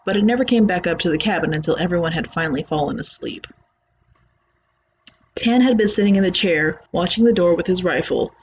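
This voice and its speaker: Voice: mid-range voice, fairly quick, muffled recording, a little hiss or hum. A narrator reading a first-person horror story aloud in a plain, conversational retelling.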